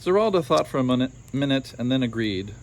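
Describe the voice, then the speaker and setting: A man's voice: medium pitch, animated, quick pace. A man reading a children's story aloud, adding wry asides of his own.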